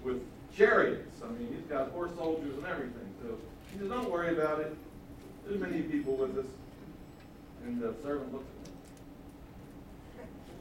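A man teaches from the Bible, retelling the story with lively acted-out voices. His voice sits a little high. He is recorded from a distance in a very echoey hall with faint background noise. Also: normal speed, long pauses. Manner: animated storytelling, acts out voices of the characters. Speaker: preacher.

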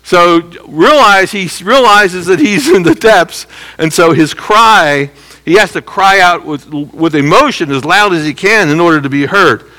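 A man teaching a Bible passage verse by verse in a conversational way, checking in with listeners and slowly repeating key phrases for emphasis. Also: sits high, expressive, bright, forceful tone, poor audio. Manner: conversational teaching with frequent "okay?" check-ins.

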